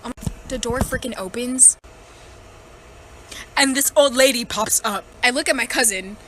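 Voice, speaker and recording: High, bright chatty woman telling a story. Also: measured pace, slight background noise, poor audio. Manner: chatty, full of "like" fillers. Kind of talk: casual storytime.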